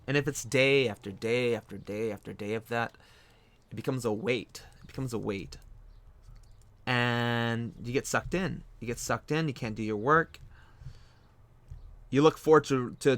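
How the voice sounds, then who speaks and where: A man talks casually to his stream while drawing, circling back and repeating phrases as he thinks aloud. His voice sits at a middle pitch, recorded close and dry with no room sound. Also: fairly bright tone, dry recording. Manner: rambling, repeats phrases, frequent restarts. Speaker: streaming artist host.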